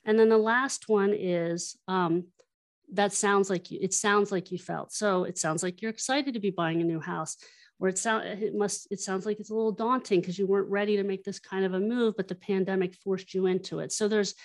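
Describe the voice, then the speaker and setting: A woman guest, a workshop trainer, explaining her methods and telling stories, acting out quoted lines in an animated way. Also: mid-range voice, a little fast. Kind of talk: explanatory interview talk.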